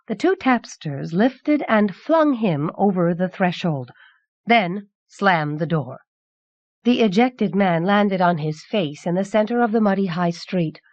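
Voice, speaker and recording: A woman reads a fantasy novel aloud in a steady, measured way. The sound is dry and dull, like an old cassette audiobook. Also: medium pitch, no room sound. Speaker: audiobook narrator. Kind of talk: scripted fantasy narration.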